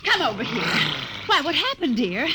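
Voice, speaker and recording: An actress playing a gentle middle-aged mother who speaks in a soothing, fretful way, in 1940s radio-play style. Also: sits high, big pitch swings, normal speed, heavy background noise.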